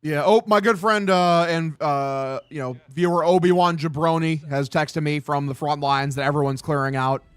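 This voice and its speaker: A man's voice: on the high side, steady tone, normal speed, hardly any pauses, clean tone, no room sound. A young man streaming casual play-by-play of a baseball game, chatting and reading viewer comments with a casual, profane manner. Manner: casual, profane, reads chat aloud.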